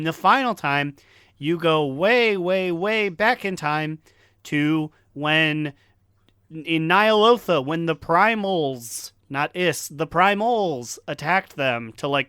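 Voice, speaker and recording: A man co-hosting a casual gaming podcast, his voice a touch higher than most and strikingly clear. He talks animatedly, laughs often and drops the odd swear. The sound is close and dry. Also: bright, forceful tone, no room sound. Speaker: podcast co-host.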